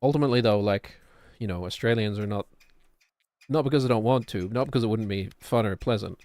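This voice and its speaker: A man's voice: lowish voice, a little fast, a little mellow, dry recording. A man, chatting casually and rambling while he streams a game. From New Zealand. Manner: rambling, musing, self-deprecating. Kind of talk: casual gameplay chat.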